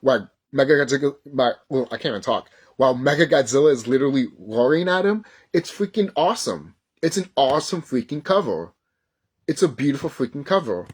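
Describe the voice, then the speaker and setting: A man in his thirties talking casually in a vlog, excitable and rambling, swearing often and stumbling over his words when he gets worked up. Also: medium pitch, brisk, husky. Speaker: YouTuber. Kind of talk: casual nostalgic vlog talk.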